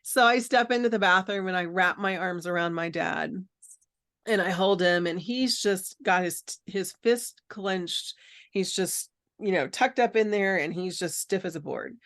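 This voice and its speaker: A middle-aged woman, a podcast guest, shares a personal caregiving story in an earnest, reflective way, full of fillers and restarts. Her voice is fairly low and fairly bright, and she speaks at a measured pace.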